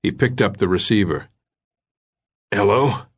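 Low-voiced man narrating an audiobook. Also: lively intonation. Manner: measured, suspenseful storytelling.

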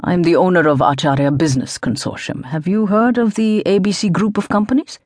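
A woman reading the part of an elderly male business tycoon who speaks in a clipped, even, insistent way. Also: sits high, brisk, no room sound, clean studio sound. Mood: measured. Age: older.

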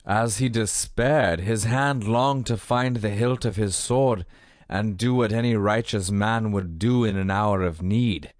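Man, audiobook narrator, measured, dry studio sound. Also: lowish voice, no echo. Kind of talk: scripted narration.

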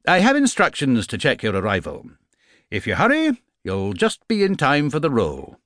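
Nervous fussy teacher, a man doing the voice, a bit high and careful. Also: huge pitch swings, moderate pace, fairly bright tone, no room sound, studio quality. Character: fussy nervous male schoolteacher.

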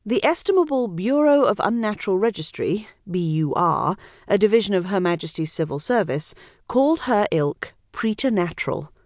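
A woman's voice: medium pitch, big pitch swings, normal speed, a little mellow, dry recording, clean studio sound. Woman narrating a wry novel. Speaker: audiobook narrator. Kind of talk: scripted narration.

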